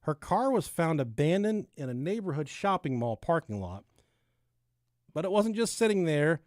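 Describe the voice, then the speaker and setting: A podcast co-host tells a true-crime story and chats casually, swearing and laughing at his own jokes. His voice is a little high and sing-song, moderately paced and slightly mellow, in a dry, studio-quality recording.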